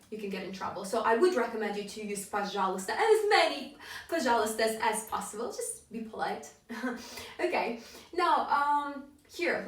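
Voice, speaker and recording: A woman teaching a language lesson, explaining patiently and modeling each phrase with clear rising intonation. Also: on the high side. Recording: roomy echo, distant from mic.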